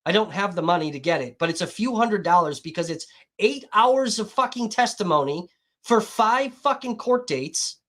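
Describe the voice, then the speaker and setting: A woman in mid-pitch range, venting on a livestream in an irritated, combative rant. She swears constantly and talks straight at her viewers. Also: expressive, moderate pace, fairly bright tone. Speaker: live streamer.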